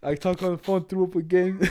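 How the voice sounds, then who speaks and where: A man's voice: high voice, fairly even intonation, moderate pace, dark tone. A young man telling a story in casual chat, slangy and profane, laughing as he goes.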